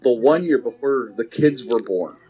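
A man's voice: medium pitch, lively intonation, normal speed, darkish tone, slightly rough, poor audio. A man co-hosting a podcast, telling a short, dry story in casual chat. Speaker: podcast co-host.

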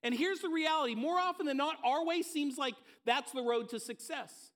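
High-voiced man preaching emphatically. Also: normal speed. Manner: emphatic preaching with repeated phrases; storytelling, dropping soft for low moments. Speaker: pastor. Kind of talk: sermon.

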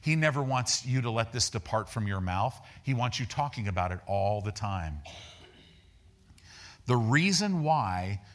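A man preaching a sermon in a folksy, animated way, acting out the people in his stories and repeating words as he builds each point. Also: unhurried. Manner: animated, acts out dialogue with raised pitch. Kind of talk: sermon with storytelling.

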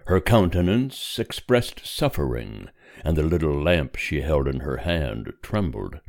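A man narrating a story aloud in a slow, grave, measured way. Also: very deep voice, big pitch swings, creaky, darkish tone, no room sound, studio quality.

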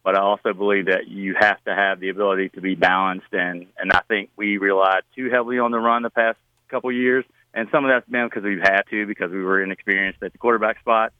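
Middle-aged coach guy on the radio, lowish voice, kinda muffled lo-fi sound, lots of um and you know. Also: fast, clear, resonant tone, dry recording. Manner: relaxed, plain-spoken, many fillers and restarts. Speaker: high school football coach. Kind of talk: radio interview answers.

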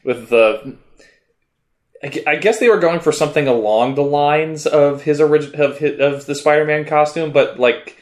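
A man's voice: fairly high pitch, fairly quick, few pauses. A man in casual conversation about comics, rambling with frequent restarts and laughs. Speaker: podcast co-host discussing comics. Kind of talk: casual chat.

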